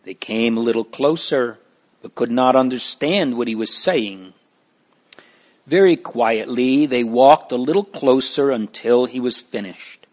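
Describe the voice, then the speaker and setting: A man narrating a storybook in a measured, deliberate reading. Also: medium pitch.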